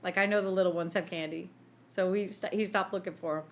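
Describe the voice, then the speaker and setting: A woman's voice: lowish voice, fast talker, slight background noise. A woman co-hosting a casual chat podcast, telling stories with lots of laughter and acted-out quotes. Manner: animated storyteller, laughs often, acts out quotes. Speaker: podcast co-host.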